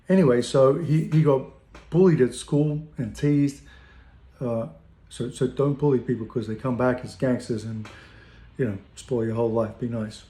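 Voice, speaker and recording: A man's voice: medium pitch, a little slow, long pauses, dark tone, reverberant. A man telling a casual, rambling anecdote, loose and profane, often laughing at his own story.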